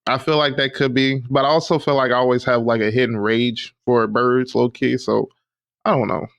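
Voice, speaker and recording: A young adult man co-hosting a podcast, telling stories in a rambling, animated way full of fillers. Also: medium pitch, normal speed, creaky. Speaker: podcast co-host. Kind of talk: casual chat.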